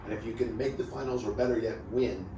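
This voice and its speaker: A man's voice: mid-range voice, fast talker. A man in his fifties from southern California, a podcast guest telling stories in a loose, rambling way full of "like". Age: 50s. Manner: loose and rambling, lots of filler "like". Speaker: podcast guest, former pro surfer. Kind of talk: relaxed storytelling. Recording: roomy echo, distant mic, steady noise.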